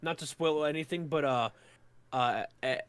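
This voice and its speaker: A man's voice: a little high, moderate pace, clear, resonant tone, no room sound. A young man co-hosting a casual podcast, rambling and stammering with playful teasing. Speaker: podcast co-host. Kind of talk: casual chat.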